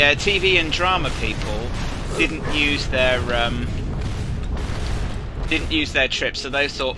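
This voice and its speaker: A British man streaming a game and chatting, telling a long story with lots of restarts and fillers. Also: mid-range voice. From Britain. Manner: rambling storyteller with many restarts. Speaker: streamer host. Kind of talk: casual chat while gaming.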